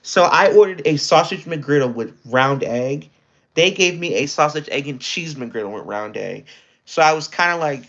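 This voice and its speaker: A young man livestreaming, telling a story in casual chat, animated and exasperated, with his pitch jumping up often. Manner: animated, exasperated retelling with quick pitch jumps. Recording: dull lo-fi stream audio.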